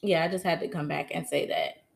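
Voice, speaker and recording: A young adult woman co-hosting a podcast, telling stories in an animated, expressive way. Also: low-pitched, brisk, creaky. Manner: animated, expressive storytelling banter. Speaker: podcast co-host. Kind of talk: casual chat.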